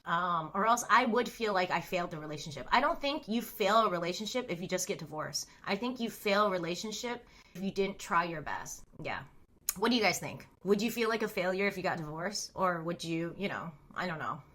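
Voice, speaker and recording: A woman's voice: lowish voice, expressive, fairly quick, a bit bright. A woman chatting candidly and casually, telling stories to her viewers with frequent laughter and many fillers. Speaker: streamer and storyteller. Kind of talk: casual unfiltered storytelling chat.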